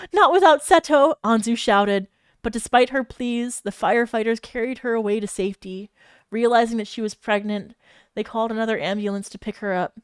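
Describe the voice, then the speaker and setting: A woman's voice: medium pitch, clean tone, no room sound, studio quality. A woman streamer reading fanfiction aloud and breaking off to react with giggles and exclamations.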